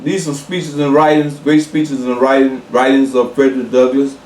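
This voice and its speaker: A man preaching a sermon, slow and emphatic, repeating key words and pausing with fillers. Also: medium pitch, level tone, darkish tone, roomy sound, far from the mic.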